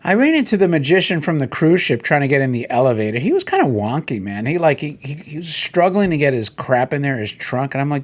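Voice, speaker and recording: Animated rambling man, lively pitch. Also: fast talker, few pauses. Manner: rambling, animated storytelling with quoted voices. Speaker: host. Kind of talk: casual solo chat while browsing toy listings.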